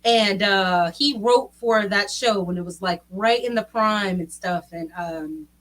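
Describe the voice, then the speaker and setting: A woman who is a recording artist, chatting as a guest on a live stream in an energetic, casual way. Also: medium pitch, measured pace. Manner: energetic, bursts into song.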